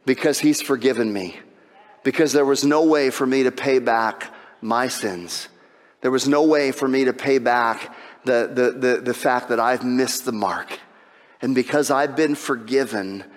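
A man's voice: mid-range voice, long reverb tail. A man preaching a sermon as pastor, repeating phrases for emphasis and rising to impassioned peaks. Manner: builds to impassioned, shouting peaks when retelling the parable.

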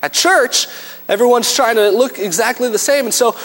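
Brief: man, preacher, animated storyteller, higher voice, church reverb. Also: moderate pace. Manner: animated storytelling, acts out scenes. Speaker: pastor. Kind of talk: sermon.

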